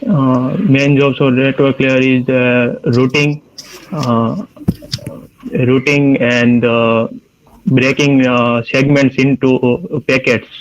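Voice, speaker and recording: A young man answering exam questions with halting, filler-heavy replies over a video call. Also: mid-range voice, level tone, muffled recording. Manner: hesitant, halting, many fillers. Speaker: student in an oral exam.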